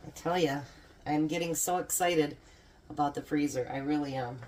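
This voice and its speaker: A home cooking vlogger with a deep, darkish voice chats casually to camera at normal speed while cooking and tasting food in her kitchen. Her manner is chatty and homey, and a little hiss or hum is audible.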